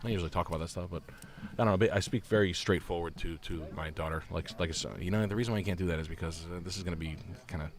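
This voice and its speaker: A man's voice: low voice, racing, crowd noise. Laid-back young man, casual stream host. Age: young adult. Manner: laid-back, laughing, acts out voices in stories. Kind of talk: casual chat.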